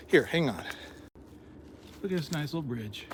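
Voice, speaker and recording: A man's voice: fairly high pitch, very animated, moderate pace, pauses often, darkish tone, slight background noise. A man telling wry, rambling stories as he walks a forest trail, recording outdoors. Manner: chatty, wry storytelling. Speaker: hiker and vlogger. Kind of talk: rambling walking vlog.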